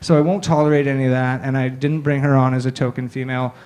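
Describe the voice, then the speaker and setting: Man, comedy emcee, sardonic banter, mid pitch, on stage. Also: level tone, fast talker, a little mellow. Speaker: comedy show host. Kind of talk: stand-up emcee introduction. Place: comedy stage, live audience.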